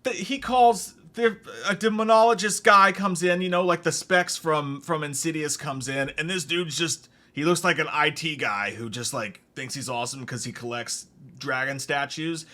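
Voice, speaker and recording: A young man hosts a comedic movie review, ranting animatedly with heavy swearing and mocking impressions of the characters. His voice is fairly high and moderately paced.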